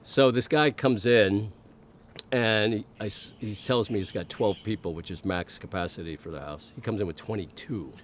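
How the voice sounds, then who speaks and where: A middle-aged man with a very deep voice talks in a casual podcast interview. He tells his story candidly, swears freely and acts out the voices of the people he quotes. A faint hiss of noise sits behind him. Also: moderate pace. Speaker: podcast guest.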